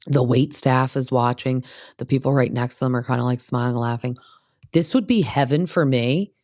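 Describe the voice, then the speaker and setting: A woman's voice: a bass voice, moderate pace, darkish tone, no echo, clean studio sound. A woman hosting a casual gossip recap of reality TV, blunt and opinionated, who swears freely.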